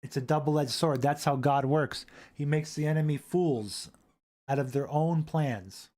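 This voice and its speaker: A man hosting a casual live stream, rambling, repeating himself and reading chat aloud into a boom-arm desk mic. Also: measured pace, darkish tone.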